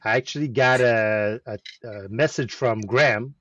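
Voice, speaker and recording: A man's voice: mid-range voice, moderate pace, lo-fi sound, a little hiss or hum. French Canadian man telling a story. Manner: animated storytelling with repeated restarts. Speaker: host of a weekly chat stream. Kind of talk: casual chat.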